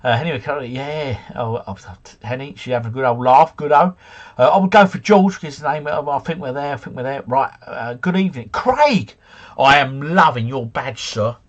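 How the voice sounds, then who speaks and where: A middle-aged man hosting a relaxed livestream from home. His voice is a little husky, and his pitch rises and falls a lot as he chats. He talks to his viewers in a loose, jokey way. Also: normal speed, lo-fi sound. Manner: chatty, jokey, drifts off into tangents. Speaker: livestream host. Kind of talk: casual chat reading live comments. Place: home, drinking beer. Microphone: desk mic.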